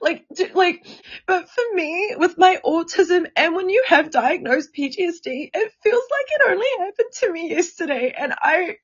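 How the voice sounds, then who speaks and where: Young woman in her late twenties, very high voice, crying while talking, apologetic and halting, dull lo-fi recording. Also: expressive. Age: 20s. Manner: apologetic, halting, with many restarts. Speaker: podcast co-host. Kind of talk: casual candid podcast chat. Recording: dull lo-fi sound.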